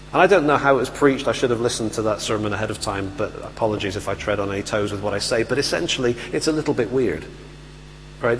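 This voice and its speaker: A man preaching a sermon, telling the story in a lively way and acting out the voices of the people in it. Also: medium pitch. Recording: hall reverb with faint hum.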